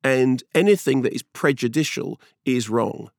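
A middle-aged man from England in casual chat, telling stories in an animated, emphatic, loud way. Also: mid-range voice, normal speed, creaky, no echo, clean studio sound. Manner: animated, emphatic storyteller who talks loudly.

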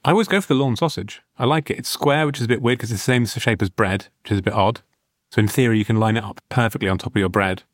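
A man's voice: lowish voice, quick pace, few pauses, no echo, clean studio sound. A man hosting a podcast in casual chat, rambling and giggling, in a sound-treated booth. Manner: rambling, giggly, self-mocking. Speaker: podcast host.

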